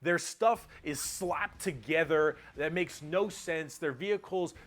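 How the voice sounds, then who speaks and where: A man's voice: on the high side, slow pace, a bit bright. A man in casual chat, enthusiastically rambling as he explains a tabletop wargame and mimics brutish characters. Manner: enthusiastic, rambling explainer who acts out dumb-brute voices.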